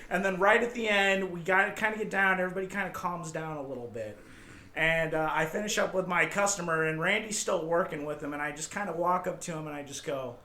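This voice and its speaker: High bright-voiced man telling animated stories. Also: fast. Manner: animated storyteller, acts out shouting customers. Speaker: podcast host. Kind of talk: casual chat. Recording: echoey room, faint noise.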